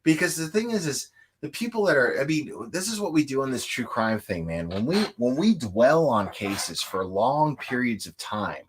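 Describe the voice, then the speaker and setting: A man's voice: mid-range voice, sing-song, moderate pace. A man hosting a true crime show, talking bluntly and casually, swearing and repeating himself. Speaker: true crime YouTube host. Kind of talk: casual podcast chat.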